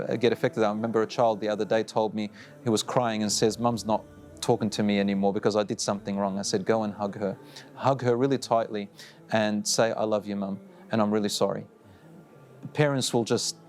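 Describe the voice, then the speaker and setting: A man's voice: fairly low pitch, a little mellow. A middle-aged man preaching, earnest and direct, repeating short firm phrases as he gives advice to parents. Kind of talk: recorded religious reminder.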